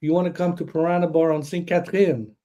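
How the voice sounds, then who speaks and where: A man hosting a podcast in an excitable, boastful way, swearing freely. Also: a little high, quick pace. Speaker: podcast host. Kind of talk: hyped casual chat.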